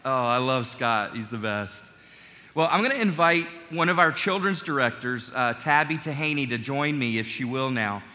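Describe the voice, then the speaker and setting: Man, middle-aged, pastor, conversational sermon, bright tone, long church reverb. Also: medium pitch, lively intonation, normal speed. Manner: warm, conversational, joking with congregation. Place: large church sanctuary.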